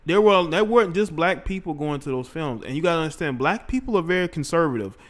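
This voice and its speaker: A man hosting a casual livestream, his voice sitting a little high for a man. He rambles in slang and talks straight to the people in his chat. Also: lively intonation, fast talker. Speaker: livestream host.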